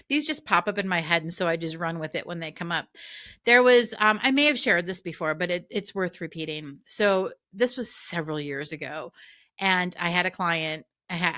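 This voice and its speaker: A middle-aged woman life coach and podcast host, talking casually with chatty asides in a warm coaching tone. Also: fairly low pitch. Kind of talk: casual solo podcast talk.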